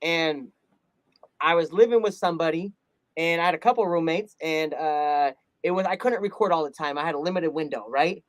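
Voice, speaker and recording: A man, a rap artist, telling a personal story in an earnest, animated way, often laughing and acting out quotes. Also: a little high, moderate pace, no room sound. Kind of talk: casual interview storytelling.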